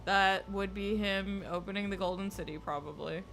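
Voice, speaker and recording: A woman streamer giving chatty, excitable commentary while playing a video game. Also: mid-range voice, moderate pace, gravelly, slight background noise. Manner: chatty, excitable, swears casually. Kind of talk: casual let's-play commentary.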